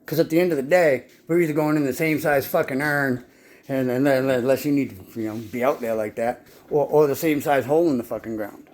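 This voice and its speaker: A man's voice: mid-range voice, a little fast, a little mellow. A man telling his life story in a rambling, casual monologue, swearing constantly and often stumbling and repeating words as he restarts his sentences. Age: adult.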